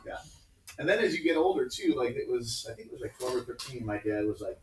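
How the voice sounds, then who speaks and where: A man in his fifties, a teacher, telling family stories in casual class talk and acting out the people he quotes in squeaky high voices. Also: brisk, a little hiss or hum. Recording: echoey classroom from far off.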